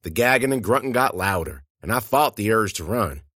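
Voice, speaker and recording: Expressive male audiobook narrator. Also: fairly low pitch, a little fast, dry recording, studio quality. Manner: expressive, suspenseful storytelling. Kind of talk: first-person audiobook narration.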